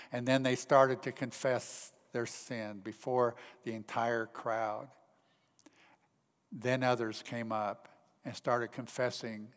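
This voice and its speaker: A man preaching a sermon in an earnest way, pressing his points with rising emphasis and then dropping to hushed, quiet tones. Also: medium pitch, in a large hall. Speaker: pastor.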